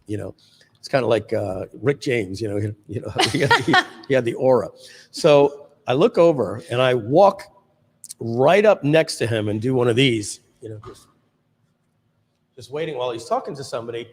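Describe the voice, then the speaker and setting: A man hosting a casual livestream chat, telling anecdotes in an animated way and laughing often. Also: mid-range voice, moderate pace, in a large hall. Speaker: host.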